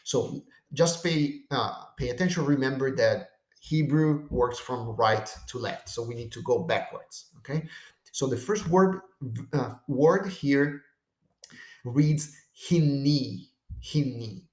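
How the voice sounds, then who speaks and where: In an echoey room, a man teaching biblical Greek walks through on-screen text step by step, his medium-pitched voice lively but unhurried. He keeps checking in with "okay?" and "right?"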